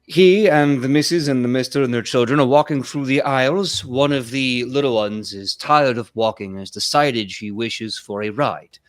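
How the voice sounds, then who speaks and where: Relaxed man narrating his game character. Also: mid-range voice, dry recording, faint music behind. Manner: relaxed, sometimes slow and halting. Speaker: player.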